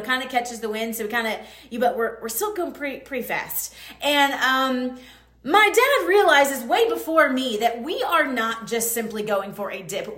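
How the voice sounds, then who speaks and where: A woman hosting a podcast, telling a personal story in a chatty, animated way with lots of asides. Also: high-pitched. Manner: chatty, animated, full of fillers and quoted asides. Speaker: podcast host. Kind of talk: casual storytelling monologue. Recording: roomy echo.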